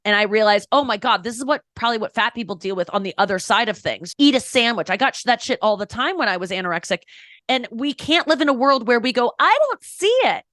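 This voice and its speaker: A woman comedian with a fairly high voice talks frankly in an interview. She speaks quickly and emphatically and acts out little quotes as she tells stories. The recording is dry and close, with no room sound. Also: fairly bright tone, no echo. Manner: frank, storytelling with acted-out quotes; quick, emphatic, self-correcting. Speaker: stand-up comedian, podcast guest. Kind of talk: candid interview talk.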